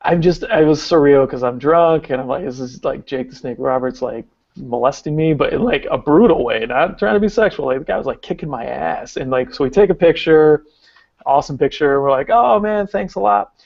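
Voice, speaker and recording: Man, 30s, podcast co-host, gravelly voice, rambling excitable storytelling, dry muffled sound. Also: medium pitch, a little fast, no echo. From Arkansas. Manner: rambling, excitable, heavy use of "like". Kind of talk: casual storytelling.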